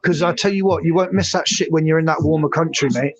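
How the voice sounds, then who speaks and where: A man's voice: fairly high pitch, fairly even intonation, fast. A man, hosting a casual livestream, rambling and swearing as he chats with viewers. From England. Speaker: livestream host. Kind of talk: casual live chat.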